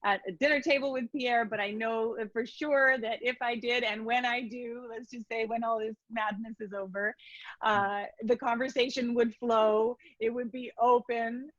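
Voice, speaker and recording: A woman's voice: on the high side, fairly even intonation, moderate pace, a bit bright, no room sound, muffled recording. A woman introducing a speaker at an event, laughing often between phrases. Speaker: event host introducing the author. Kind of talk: prepared introduction speech.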